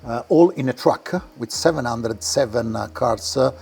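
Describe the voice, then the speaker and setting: A man with an Italian accent, a car collector giving a tour of his garage and talking in halting English with many restarts. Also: medium pitch, gravelly, a little mellow, soft background music. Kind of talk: casual interview while walking a car collection. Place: indoor garage.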